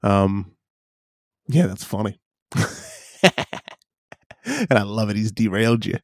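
A man's voice: on the low side, steady tone, slow, darkish tone, no room sound, studio quality. A man co-hosting a podcast, teasing and laughing in casual chat. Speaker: podcast co-host.

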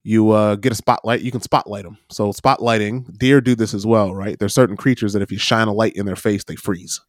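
A man co-hosting a casual talk show, telling stories in a lively way, acting out the voices he quotes and checking in with "right?". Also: lowish voice, a little fast, no room sound, studio quality. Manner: animated storyteller, acts out quoted voices, many "right?" tags. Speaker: podcast co-host. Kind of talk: casual chat, storytelling. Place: lives in New Zealand.

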